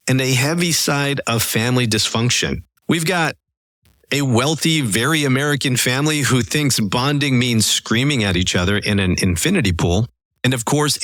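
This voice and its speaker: A man hosting a travel podcast in a playful, animated scripted style. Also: mid-range voice, no echo, clean studio sound. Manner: playful, animated, pop-culture banter. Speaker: podcast host. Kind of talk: upbeat scripted podcast talk.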